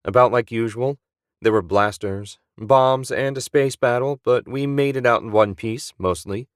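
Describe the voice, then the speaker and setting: A man's voice: mid-range voice, unhurried, no echo, natural voice. A man voicing a weary space pilot who talks in a dry, matter-of-fact way.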